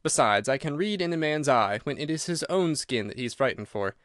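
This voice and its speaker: Cool, incisive detective, crisp and assured, a touch raised in pitch , voiced by a male reader; dry close sound. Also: lively intonation, a little fast, fairly bright tone, dry recording. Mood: explaining. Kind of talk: audiobook character reading.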